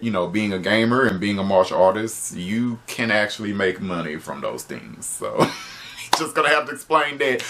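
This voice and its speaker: Animated, laughing male reviewer. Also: lowish voice. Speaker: video reviewer. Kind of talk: casual spoken review.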